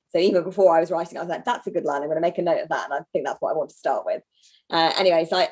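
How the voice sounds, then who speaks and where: A woman in her thirties talks as an author guest on a video call. Her voice sits on the low side, and she keeps up a chatty, self-deprecating flow with quick asides. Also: darkish tone. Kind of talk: conversational interview over video call.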